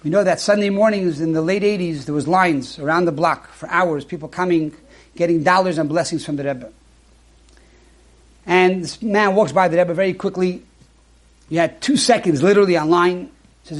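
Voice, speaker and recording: High-voiced man telling a sermon story. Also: moderate pace, breathy edge. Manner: acts out characters in a story, animated. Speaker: rabbi.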